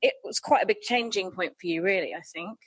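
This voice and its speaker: A woman's voice: lowish voice, fast, slightly rough. A woman hosting a podcast interview, laughing often and prompting her guest eagerly. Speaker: podcast host. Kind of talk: casual interview chat.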